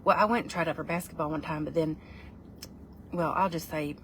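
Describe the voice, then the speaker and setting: A woman's voice: low voice, steady tone, fairly quick, a little hiss or hum. A middle-aged woman, chatting in a playful, rambling vlog while reviewing food. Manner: playful, rambling, breaks into put-on voices.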